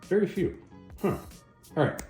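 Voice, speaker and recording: A man hosting a casual comic book review video, retelling the story in a chatty, animated way. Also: measured pace. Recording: roomy echo, faint music.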